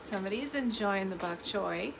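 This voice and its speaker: A young woman casually narrating a vlog about her pet birds at home. She laughs often and coos to them in a high sing-song voice. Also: animated, normal speed, creaky. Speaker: pet bird vlogger. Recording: loud bird chirping noise behind.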